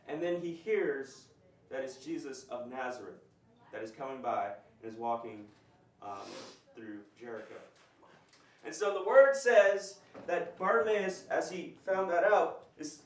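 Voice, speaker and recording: A man's voice: high voice, moderate pace. A man teaching a conversational bible lesson, explaining and asking his group questions. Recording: roomy, distant mic.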